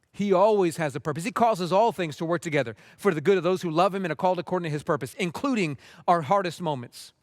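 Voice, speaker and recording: A man preaching a sermon as a pastor, urgent and heartfelt, dropping to soft pleading as he appeals to his listeners. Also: sits high, no room sound, studio quality.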